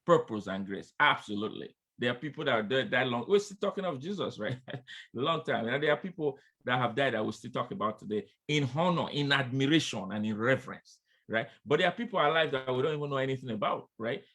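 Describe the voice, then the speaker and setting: A fast-talking preacher with an expressive, fairly bright mid-range voice delivers a sermon directly to his listeners, whom he addresses as friends. He's emphatic, circling back to refrains, egging them on, and shouting "come on, somebody."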